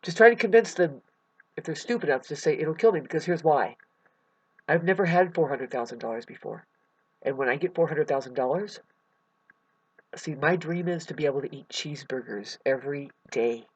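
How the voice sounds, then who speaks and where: A woman vlogging about a hard time, rambling and halting, often repeating words, close to tears. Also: sits low, lively intonation, husky. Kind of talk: emotional personal vlog. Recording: dull lo-fi recording.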